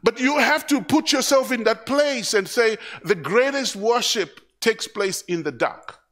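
A man preaching a live church sermon, animated, repeating words and acting out voices as he goes. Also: extremely high pitch, unhurried. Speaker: pastor. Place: church service.

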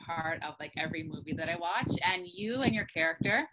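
A woman's voice: on the low side, expressive, fairly quick. A woman interviewing a voice actor in a chatty way with many fillers, over a noisy line. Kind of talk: casual interview. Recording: background noise on the line.

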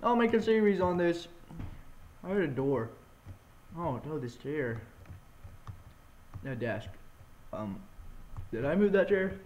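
A man's voice: a little high, lively intonation, slow, long pauses, darkish tone, lo-fi sound, a little hiss or hum. A man giving casual, goofy, self-mocking commentary while playing a video game. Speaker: let's-play gamer.

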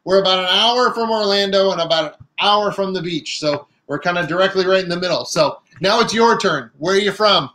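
A man's voice: high voice, fairly quick, hardly any pauses, bright, forceful tone, a little hiss or hum. A man co-hosting a casual craft livestream, chatting and reading out viewers' comments. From Chicago area, United States. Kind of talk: casual live-stream chat.

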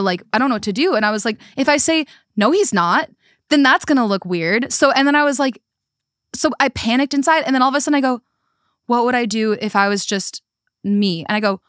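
Woman guest, high-ish voice, acts out quotes, filler-heavy chat, dry close sound. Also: quick pace, a bit bright, dry recording. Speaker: guest friend. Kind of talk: casual storytelling.

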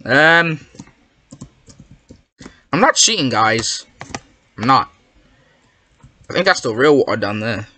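A gamer giving excitable, rambling commentary while playing, yelping and protesting whenever a trick fools them. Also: mid-range voice, takes it slowly, long pauses, no echo. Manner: excitable, yelps and protests when fooled; rambling, self-correcting. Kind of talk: Minecraft gameplay commentary.

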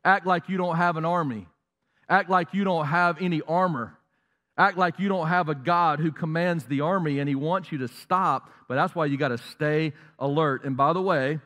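A male pastor preaching a lively sermon, asking the congregation questions and dropping into mocking voices. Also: on the high side, big-room sound. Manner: animated, jumps into mocking voices and asks the crowd questions. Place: large church auditorium.

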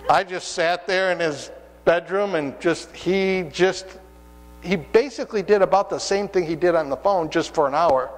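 Speaking in a high voice in a large hall, captured on a rough recording, a pastor and hospice chaplain delivers a sermon in a church sanctuary. He tells personal stories in a conversational way, voicing the people in them himself.

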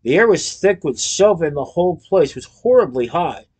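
Guy reading a storybook out loud, lively, bit higher voice. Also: normal speed, slightly rough. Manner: lively, expressive. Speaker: narrator.

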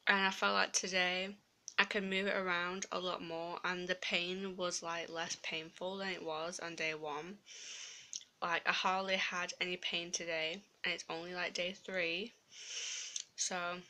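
A woman's voice: mid-range voice, sharp tone. Chatty young woman with a lisp. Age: young adult. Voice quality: slight lisp from a tongue piercing. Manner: chatty, filler-heavy, rambling. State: swollen tongue. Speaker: vlogger. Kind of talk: casual vlog.

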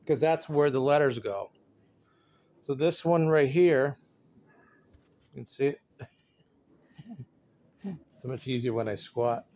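A man vlogging from his bedroom in rambling casual chat, goofy and playful, bursting into loud shout-outs. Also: on the high side.

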